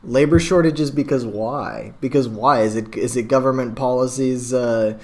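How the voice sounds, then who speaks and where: A young man reacting to news clips from his home computer, talking in a rambling, excitable way full of likes and you knows. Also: medium pitch, normal speed. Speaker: reaction video host. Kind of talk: casual reaction commentary. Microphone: webcam.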